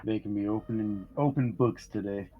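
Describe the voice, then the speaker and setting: A man running a tabletop game as game master, talking in a relaxed, halting way with fillers. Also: on the low side, slight background noise. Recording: muffled lo-fi recording.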